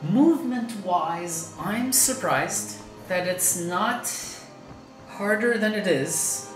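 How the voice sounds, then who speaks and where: A woman's voice: medium pitch, animated, slow pace, reverberant, over music, poor audio. A woman hosting a gaming video, chatting casually over her play and thinking aloud with fillers. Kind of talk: casual gameplay commentary.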